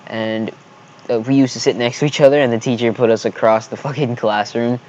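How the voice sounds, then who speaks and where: A man's voice: mid-range voice, fairly even intonation, a little fast, darkish tone, dull audio. A man telling a storytime vlog, rambling and swearing heatedly as he recounts a school fight. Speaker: vlogger.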